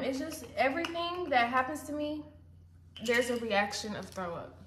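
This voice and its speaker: A young woman rambles through a casual vlog, chatty and self-deprecating, sometimes talking with her mouth full. Her voice sits a little high. It is recorded in a roomy home space with faint background hiss. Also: expressive, normal speed, fairly bright tone. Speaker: vlogger. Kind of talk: casual rambling chat while eating. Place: indoors at home, sitting hunched over.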